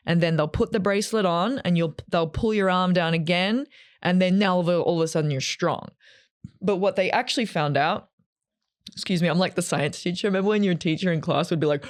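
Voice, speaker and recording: A woman in her thirties telling a personal story to camera in a chatty, animated way, acting out what people said. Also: lowish voice, a little fast, no echo, studio quality. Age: 30s. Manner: chatty and animated, acts out quotes. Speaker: vlogger.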